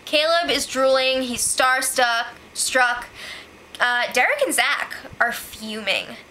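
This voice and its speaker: A woman's voice: high-pitched, animated, slow, bright, forceful tone, slight background noise. A woman recapping a reality show in a casual vlog, chatty and opinionated, saying "like" a lot. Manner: chatty and opinionated, heavy use of "like".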